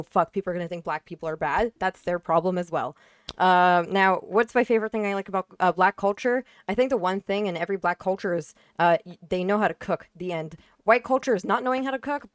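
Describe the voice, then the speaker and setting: A woman's voice: medium pitch, no echo. A young adult woman talking on a casual panel discussion, blunt and emphatic, swearing freely, with many fillers.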